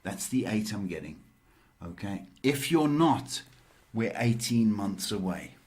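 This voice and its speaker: A man hosting a live psychic tarot stream, giving slow, measured advice with frequent pauses. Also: on the low side, big pitch swings, darkish tone. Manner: slow, measured, motivational advice with many ums. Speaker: psychic tarot reader and host.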